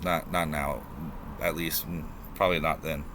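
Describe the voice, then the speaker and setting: A young man talking to the camera about his past, casual and halting, stopping and restarting as he reflects. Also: a bass voice, steady tone, fairly bright tone, a little hiss or hum. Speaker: vlogger. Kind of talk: personal storytelling to camera.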